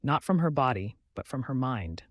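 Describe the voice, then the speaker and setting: Man, folktale narration, dramatic, measured, animated pitch, dry sound. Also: no room sound. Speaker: storyteller.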